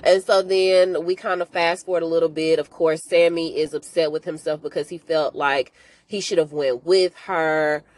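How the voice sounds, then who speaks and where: A woman hosting a podcast, recapping a TV series in a casual, animated, slangy way, often speaking to listeners as y'all. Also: low voice, normal speed, no echo. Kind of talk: casual chat.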